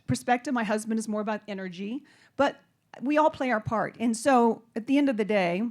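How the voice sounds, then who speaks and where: A woman speaking on a panel, telling a personal story in a rambling, nervous way with many false starts. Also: medium pitch. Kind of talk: casual personal talk on stage.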